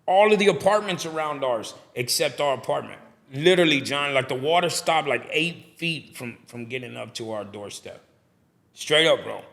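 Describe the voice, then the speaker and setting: A man, animated, telling his story in a casual interview and acting out other voices. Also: mid-range voice, normal speed, vocal fry. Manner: animated, preachy storyteller who acts out dialogue. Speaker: barbershop owner and guest.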